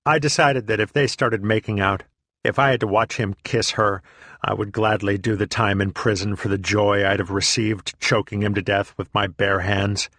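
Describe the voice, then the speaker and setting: A man's voice: lowish voice, fairly even intonation, normal speed, a bit bright, no echo, studio quality. A man reading a first-person memoir aloud in a profane, sardonic, self-deprecating way. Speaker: audiobook reader.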